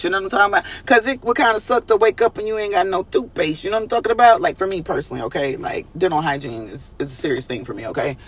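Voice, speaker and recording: This tarot reader's voice is high-pitched, slightly bright, and husky, racing along with hardly any pauses. Live and collective, his reading is loose and profane, full of y'all and replies to chat.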